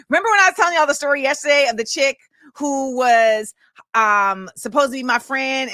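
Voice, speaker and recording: Talk-show host, woman, bright forceful tone, dry close sound, rambling casual chat. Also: a little high, no room sound. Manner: chatty, rambling with many fillers. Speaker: podcast host.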